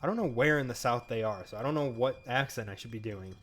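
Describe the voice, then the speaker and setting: A man's voice: mid-range voice, fast, a bit bright, a little hiss or hum. A man casually thinking aloud while streaming a story game. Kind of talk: live game commentary.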